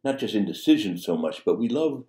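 A man's voice: lowish voice, very animated, a little fast, dark tone. A man preaching a sermon as a priest, talking conversationally with fillers and restarts. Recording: echoey room.

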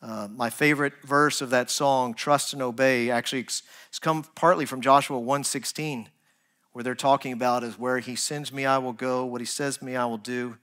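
A man preaching a sermon as pastor, earnest, rising to emphatic points and dropping to soft, quiet asides. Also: mid-range voice, steady tone, normal speed. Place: church.

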